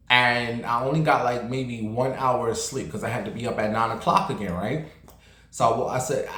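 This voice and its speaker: A man telling a story in a casual vlog, in a sassy, blunt, animated way. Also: mid-range voice, echoey room.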